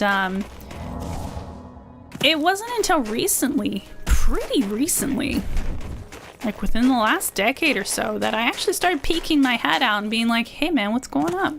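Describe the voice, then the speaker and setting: A woman streamer chatting live while she plays, rambling and excitable and quick to yell at the game. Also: on the high side, vocal fry. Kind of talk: live gameplay stream chat. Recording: game music under the voice. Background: game music.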